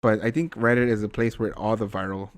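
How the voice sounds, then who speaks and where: A young man hosting a podcast, chatting casually in a rambling, profane, animated way. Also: on the low side, a little fast. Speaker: podcast host. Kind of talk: casual chat.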